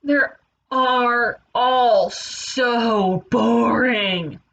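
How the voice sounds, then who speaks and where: A woman voicing a young, mischievous male wolf who loves playing tricks and shouts for help in a high panic. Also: big pitch swings, unhurried. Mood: cheeky.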